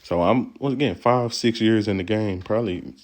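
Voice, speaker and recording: A man's voice: on the low side, normal speed, darkish tone. A male stand-up comedian from Texas giving casual, playful, slangy commentary on his own set and laughing often. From Texas, USA.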